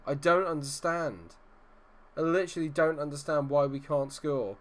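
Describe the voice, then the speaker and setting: A man's voice: medium pitch, clean tone. A man hosting his own gaming channel, giving live commentary over a management game in an exasperated, self-deprecating, rambling way.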